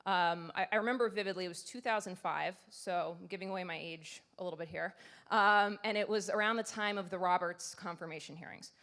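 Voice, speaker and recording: A woman's voice: on the low side, a little fast, fairly bright tone. A woman in her thirties giving a conversational, self-deprecating conference talk, with frequent fillers. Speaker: conference speaker. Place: conference stage.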